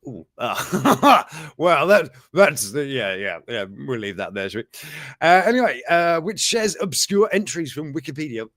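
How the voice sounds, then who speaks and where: A man's voice: fairly high pitch, very animated, measured pace, a bit bright, no echo, studio quality. A man hosting a show, rambling through news items in casual commentary, chuckling and breaking off mid-sentence. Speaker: show host.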